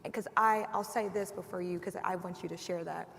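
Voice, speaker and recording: A woman's voice: fairly low pitch, steady tone, fairly quick, creaky, fairly bright tone. A woman on a live panel speaking emphatically and conversationally about her own experience as a leader. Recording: reverberant hall, faint background noise.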